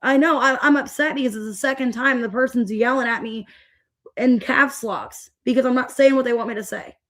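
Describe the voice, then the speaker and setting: A woman's voice: a little high, a little fast, fairly bright tone. Upset woman tarot streamer venting. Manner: upset and fed-up, venting with restarts. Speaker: tarot reader livestream host. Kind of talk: livestream chat to viewers.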